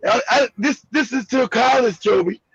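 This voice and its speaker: An American man hosting a live discussion, telling a story with passion. He is emphatic and profane, often shouts, and laughs through his stories over a video call. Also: extremely high pitch, moderate pace, slightly rough, highs cut off. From United States. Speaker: show host.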